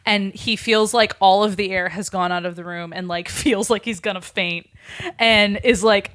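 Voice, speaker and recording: A woman's voice: medium pitch, measured pace, fairly bright tone, no room sound. Chatty woman host, dry close sound. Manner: rambling, with many fillers. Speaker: podcast host. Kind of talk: casual storytelling chat.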